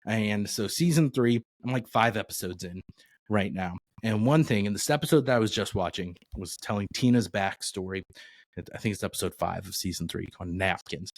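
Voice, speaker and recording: A man co-hosting a podcast in casual chat, relaxed and rambling, with frequent "uh" and "um". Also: fairly low pitch, fairly quick, no room sound. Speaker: podcast co-host.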